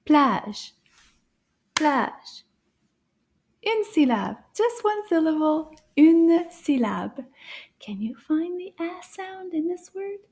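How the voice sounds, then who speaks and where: A woman teaching French to young children in a playful way. She gasps in wonder, whispers her asides and draws words out slowly for the children to repeat. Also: very high voice, sing-song. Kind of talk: slow, playful kids' lesson.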